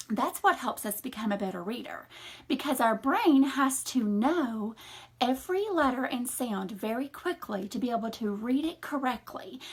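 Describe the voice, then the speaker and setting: A woman teaching a phonics lesson to young children in a slow, encouraging, sing-song teacher voice. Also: sits high, slightly rough. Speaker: reading teacher.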